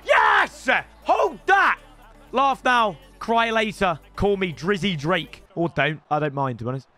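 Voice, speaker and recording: A young man with a British accent giving excitable, shouty live commentary on his football game as a streamer, bantering with chat. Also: sits high, moderate pace, faint music behind. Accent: British English. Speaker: gaming streamer.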